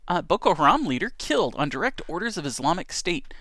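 A man's voice: sits high, sing-song, quick pace, a bit bright, dry recording, clean studio sound. A man hosting an online radio show, chatting casually and reading news items aloud, often stumbling and correcting himself.

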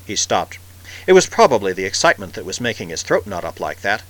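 A man narrating a science-fiction story in a measured, expressive reading. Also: sits low, low-quality recording. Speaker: audiobook narrator.

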